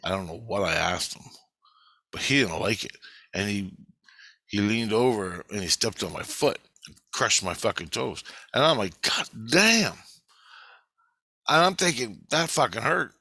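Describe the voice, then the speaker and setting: Male, low bright voice, dry recording; rambling, profane, animated dream storyteller. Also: normal speed, creaky, long pauses, no echo. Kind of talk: casual dream retelling.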